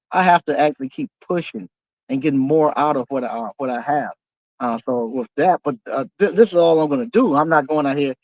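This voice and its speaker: A man's voice: a little high, dry recording, low-quality recording. A man talking casually to camera as a vlogger, earnest and determined, often chuckling, with many fillers and restarts. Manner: halting, full of fillers and restarts.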